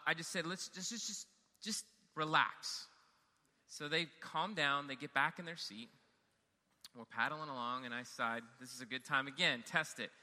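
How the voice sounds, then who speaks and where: A young man telling a self-deprecating story in a lively way, with many fillers and restarts. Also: fairly high pitch, long reverb tail. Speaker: camp counselor telling a story. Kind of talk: storytelling talk.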